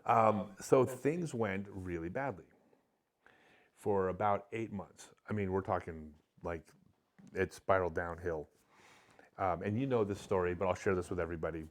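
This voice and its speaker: A man's voice: deep voice, moderate pace. A middle-aged man, a podcast guest, candidly telling an emotional personal story with many restarts.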